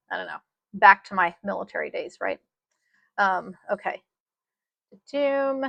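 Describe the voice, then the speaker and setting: A woman's voice: medium pitch, expressive, a little slow, creaky, pauses often, dry recording, muffled recording. A woman teaching a live sewing tutorial, chatty and folksy, often saying "y'all.". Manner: chatty, says "y'all" a lot. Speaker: sewing instructor.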